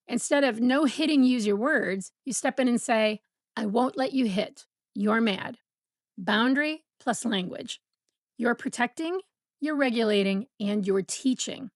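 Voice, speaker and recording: A woman giving a calm, measured educational talk to parents as a parenting educator. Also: fairly high pitch, no room sound, studio quality. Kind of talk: scripted educational talk to camera.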